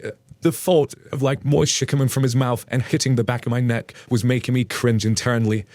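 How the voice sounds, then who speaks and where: A man's voice: medium pitch, steady tone, a little fast, a little mellow, dry recording. A British man casually reading out and joking about online posts, chatty and laughing often. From United Kingdom. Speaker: reddit story reader.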